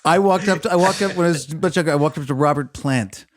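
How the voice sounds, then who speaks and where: A man co-hosting a podcast, telling casual stories at a brisk clip and wrapping things up. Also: a little high, crowd noise. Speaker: podcast co-host.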